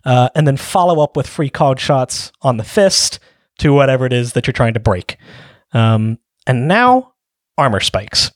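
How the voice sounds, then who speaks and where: A man's voice: medium pitch, big pitch swings, measured pace, no room sound, clean studio sound. A man co-hosting a casual tabletop gaming podcast, walking through rules step by step with frequent ums. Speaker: podcast co-host.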